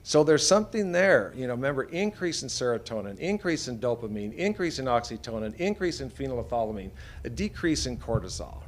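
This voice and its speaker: A man's voice: mid-range voice, sing-song, brisk. A middle-aged man from Idaho, a veterinarian telling folksy anecdotes to an audience and acting out the voices of people in his stories. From Idaho, USA. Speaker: veterinarian speaker. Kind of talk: storytelling talk to an audience.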